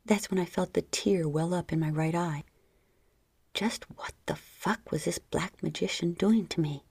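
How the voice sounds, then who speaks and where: A woman reading a first-person story in a low, breathy, half-whispered intimate voice, close to the mic. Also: normal speed, a little mellow, dry recording. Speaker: narrator.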